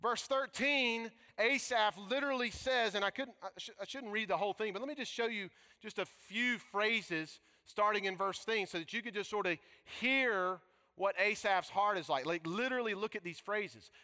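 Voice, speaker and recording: A man preaching a sermon, emphatic, swinging from shouts to near whispers. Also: high voice, normal speed, long reverb tail. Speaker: pastor.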